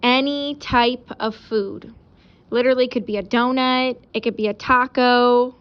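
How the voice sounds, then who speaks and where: A woman teacher giving a casual recorded lesson, explaining out loud while she sketches examples. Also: fairly high pitch, steady tone, measured pace, smooth, muffled recording.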